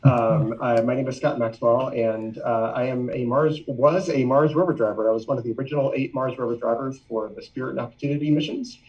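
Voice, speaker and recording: A man's voice: medium pitch, fairly even intonation, a little fast, few pauses. A man joining a video call as a guest, friendly and hesitant, with lots of ums. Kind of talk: casual video call chat. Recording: distant, dull lo-fi video call audio.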